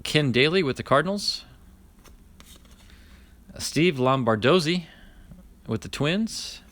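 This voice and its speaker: A man's voice: on the high side, expressive, slow, fairly bright tone. Man, casual card-opening commentary, chatty, reads names in a running list, talks to viewers. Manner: talks to live viewers by name.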